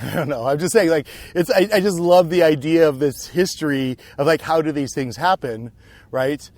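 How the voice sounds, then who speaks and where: A man's voice: a little high, moderate pace, a little mellow, no room sound. A man co-hosting a podcast, rambling and musing aloud in casual chat while hiking outdoors on a trail. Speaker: podcast co-host.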